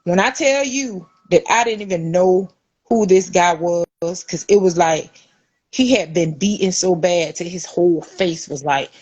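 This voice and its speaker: A middle-aged woman hosting a podcast tells stories in casual chat, animatedly acting out the voices of people she quotes. Her fairly low, husky voice moves a little slowly, and the audio sounds dull.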